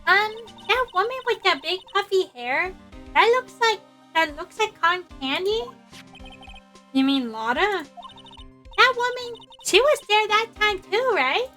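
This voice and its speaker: A woman's voice: very high voice, big pitch swings, unhurried, bright, forceful tone, faint music behind, voice pushed up, full character voice. A woman voicing a polite, sweet and earnest little girl in a game read-aloud.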